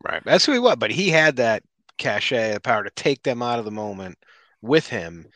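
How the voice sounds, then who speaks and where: A man's voice: lowish voice, animated, moderate pace, sharp tone, dry recording. A man in casual podcast chat, giving emphatic, opinionated takes. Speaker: podcast co-host.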